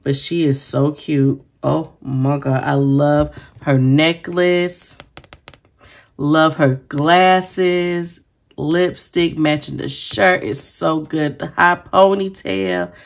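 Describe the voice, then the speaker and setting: A woman speaks in a low voice, chatting casually to her viewers. She is giggly and effusive, calling everyone y'all. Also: very slow. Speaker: planner sticker vlogger. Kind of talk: casual chat.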